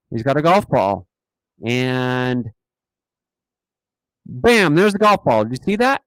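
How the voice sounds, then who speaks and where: A man hosting a casual live stream, talking in an animated, mocking way and often repeating himself. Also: mid-range voice, measured pace, pauses often, clean tone, dry recording, poor audio. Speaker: host of a dashcam channel live stream.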